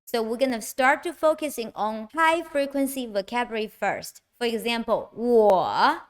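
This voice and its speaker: A woman with a Mandarin Chinese accent teaching a beginner language lesson, speaking slowly and clearly and exaggerating the tones for learners. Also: a little high.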